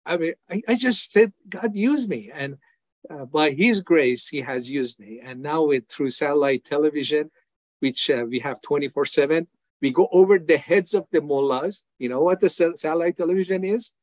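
An older man tells his testimony in an interview, earnest and heartfelt. His voice sits fairly high for a man. The sound is close and dry. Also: normal speed, dry recording. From Iran. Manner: earnest, acts out prayers and voices in dialogue. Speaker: evangelist guest.

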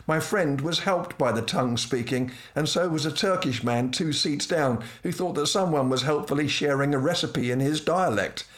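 A middle-aged man telling a humorous personal anecdote from a script, with dry, self-mocking wit and lively asides. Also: a little high, moderate pace, hardly any pauses.

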